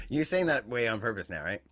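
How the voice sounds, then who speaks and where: A man's voice: mid-range voice, fairly bright tone, dry recording, studio quality. A man co-hosting a wrestling podcast, talking in a rambling, casual way that trails off and restarts. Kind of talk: casual chat.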